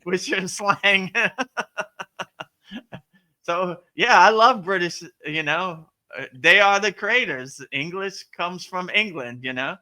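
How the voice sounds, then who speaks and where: A man leads a live yoga Q&A with a very bright, ringing tone that sits a little high. He talks in loose, chatty bursts and laughs easily. He keeps checking in with "right?" and "you know?". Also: expressive, slow, pauses often. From United States. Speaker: yoga teacher hosting a live Q&A. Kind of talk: casual livestream chat and spiritual teaching.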